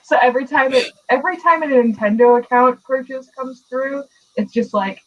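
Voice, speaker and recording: A woman's voice: high-pitched, normal speed, hardly any pauses, distant mic, muffled recording. Wry woman chatting on a call. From Boston area, United States. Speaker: co-host. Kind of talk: casual group chat over video call.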